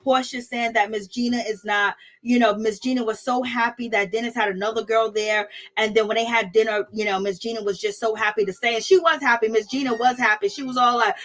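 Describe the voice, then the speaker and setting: A reality TV reviewer and channel host, this high-voiced woman gossips animatedly, laughs often, and uses African American Vernacular phrasing. She talks fairly quickly with hardly any pauses, mixing casual commentary with live-chat shoutouts.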